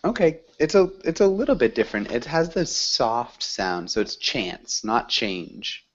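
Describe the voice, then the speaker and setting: A man teaching an English class, correcting students gently and praising them. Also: medium pitch, very animated, unhurried, muffled recording.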